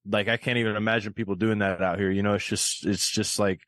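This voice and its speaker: A man's voice: lowish voice, steady tone, quick pace, a bit bright, no room sound. A man hosting a podcast, chatting casually and rambling with lots of fillers, over a remote call. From rural area of the United States. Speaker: podcast host. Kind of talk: casual chat.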